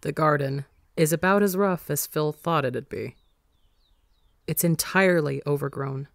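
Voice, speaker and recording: A podcast reader narrating a story in a steady, even manner. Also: medium pitch, a little slow, vocal fry, no room sound, studio quality. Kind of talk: audiobook narration of fan fiction.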